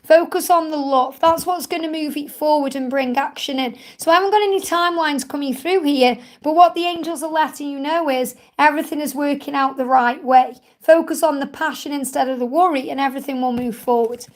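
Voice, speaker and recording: A woman hosting a live-stream card reading, gently reassuring viewers as she relays messages. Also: high-pitched, a little fast, hardly any pauses.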